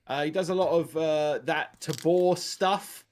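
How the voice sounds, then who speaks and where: A man hosting a casual podcast, talking in a rambling, animated way and laughing often. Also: on the high side, a little slow. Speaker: podcast host.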